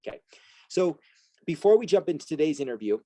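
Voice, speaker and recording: Middle-aged male coach, earnest talk full of rhetorical "right?" asides, mellow tone, dry close sound. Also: a little high, very animated, brisk, no room sound, rough recording. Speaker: strengths coach and host. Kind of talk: motivational talk to an audience.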